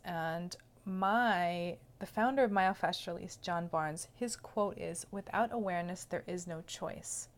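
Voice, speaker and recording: A woman with a mid-range voice speaks as a self-love coach. Her teaching manner is gentle and casual, and she often checks in with the listener.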